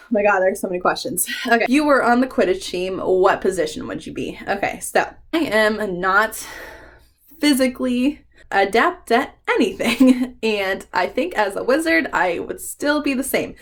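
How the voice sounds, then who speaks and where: A woman doing a casual book tag vlog, chatty and emotional, swearing freely and laughing between remarks. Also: mid-range voice. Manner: emotional, fond rambling with frequent ums. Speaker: book vlogger.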